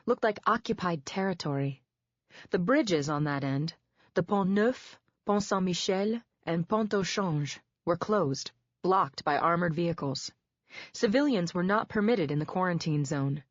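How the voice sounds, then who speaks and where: A woman narrating a first-person psychological thriller audiobook in a measured, steady way. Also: lowish voice, no room sound. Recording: dull, dry lo-fi recording.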